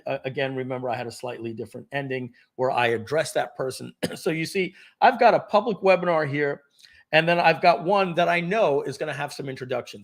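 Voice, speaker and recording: A middle-aged man running a live sales webinar. His voice sits a little high for a man and comes through a desk mic. He talks with eager pitch energy and tends to clear his throat and restart sentences. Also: fairly bright tone. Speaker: webinar host presenting software.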